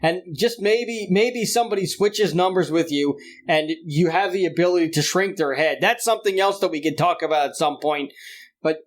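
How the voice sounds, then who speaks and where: A man co-hosting a casual podcast, with a voice a little higher than most men's. He talks in loose, rambling stretches, full of fillers and false starts as he tells a story. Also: normal speed. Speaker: podcast co-host. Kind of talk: casual chat.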